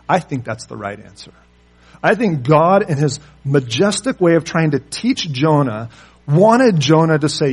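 A man preaching a sermon, pressing his listeners with rhetorical questions and moving between loud emphasis and quiet asides. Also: a little high, very animated, normal speed, husky, soft background music. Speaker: pastor.

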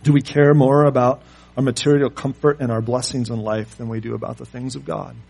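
A man preaching, his voice husky and a little breathy at a middle pitch. He presses his listeners with rhetorical questions, rising loud on the big points and dropping low for quiet asides. Soft music plays faintly behind him. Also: flat delivery, fairly quick. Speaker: pastor. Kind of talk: sermon.

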